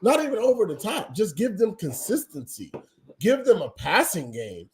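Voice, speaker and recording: A man's voice: sits high, huge pitch swings, moderate pace, background noise. A man hosting a livestream, giving opinionated casual sports commentary that rambles with frequent ums. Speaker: livestream host.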